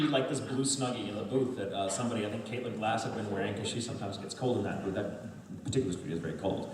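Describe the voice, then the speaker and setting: Animated man telling panel anecdotes. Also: mid-range voice, quick pace, a crowd in the background. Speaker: voice actor panel guest. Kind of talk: storytelling Q&A panel. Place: large convention panel hall. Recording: echoey hall, distant mic, heavy noise.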